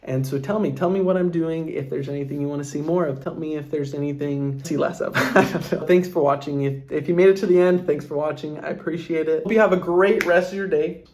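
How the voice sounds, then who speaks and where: A man's voice: on the high side, steady tone, fast, hardly any pauses, a little mellow, slight background noise. A young man and father answering viewer questions in a casual vlog, earnest and heartfelt, rambling with lots of fillers. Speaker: vlogger and father.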